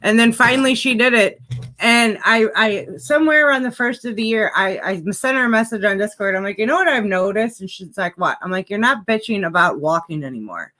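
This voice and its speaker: A woman hosting a casual chat speaks briskly in a voice on the high side. She tells stories animatedly and acts out what people said.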